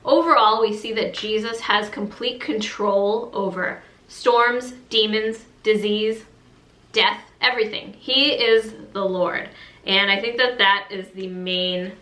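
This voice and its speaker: Bright-voiced young woman leading Bible study. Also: mid-range voice, reverberant, poor audio. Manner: earnest, conversational, reads verses aloud. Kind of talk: casual Bible study vlog.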